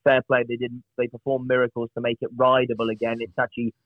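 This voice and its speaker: This podcast guest talks fast in a flat, medium-pitched monotone, and the recording is dry and tinny, like a phone call. He spins casual, chatty tales at his own expense, often starting over mid-thought.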